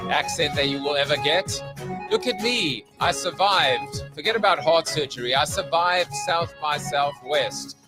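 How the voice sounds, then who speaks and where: Man, host, casual livestream monologue, jokey, rambling, self-mocking, medium pitch. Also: low-quality recording.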